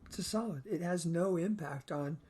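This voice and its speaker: Husky-voiced man lecturing on chemistry. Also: a little high, darkish tone. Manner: measured, explains step by step in short phrases. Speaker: college chemistry instructor. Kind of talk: recorded lecture video.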